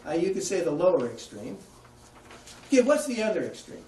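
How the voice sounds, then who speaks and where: A man's voice: high-pitched, sing-song, fairly quick, mellow, far from the mic, slight background noise. A man giving a conversational public talk, putting questions to his audience. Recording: echoey room, heard from afar.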